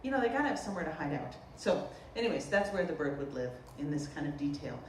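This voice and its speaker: Woman, from Boston, artist talk, joking storyteller, lively pitch, roomy echo, distant mic. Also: quick pace, a little hiss or hum. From Boston area, US. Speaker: potter giving an artist talk. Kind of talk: humorous public artist talk. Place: lecture room at a festival.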